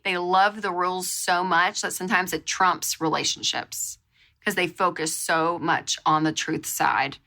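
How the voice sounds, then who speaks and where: A woman hosts her show, chatting through a story in an animated, filler-heavy way. Her voice sits at an ordinary pitch for a woman but carries a bright, forward edge. She sounds relaxed and talkative. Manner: animated, chatty, lots of fillers and repeated exclamations. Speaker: show host. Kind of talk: casual storytelling monologue.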